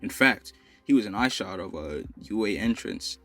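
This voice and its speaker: Young guy, low voice, loose filler-heavy storyteller, faint lo-fi music behind. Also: animated, moderate pace, a bit bright. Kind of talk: casual improvised fan story narration.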